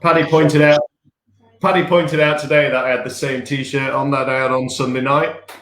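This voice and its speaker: A man of middle pitch chats loosely and rambles from one thought to the next, chuckling at his own stories. The sound is roomy and echoey, as if he sits in a bare room at home. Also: flat delivery, normal speed, fairly bright tone. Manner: chatty, rambling, laughs at himself. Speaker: podcast co-host. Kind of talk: casual live-stream chat.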